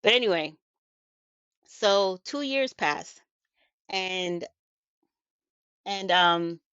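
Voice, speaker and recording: A woman with a lowish voice tells a story casually, chatty and emphatic, often turning to the listener with asides. The sound is dull and lo-fi, dry with no room echo. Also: lively intonation, drawn-out words, fairly bright tone, clean tone. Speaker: video host.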